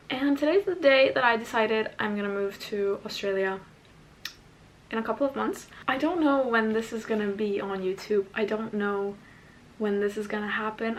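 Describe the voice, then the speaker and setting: A woman's voice: on the high side, slight background noise. A young woman from Denmark, chatting upbeat to camera as a vlogger and saying "like" a lot. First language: Danish. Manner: chatty, upbeat, says "like" often. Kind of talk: casual talk to camera.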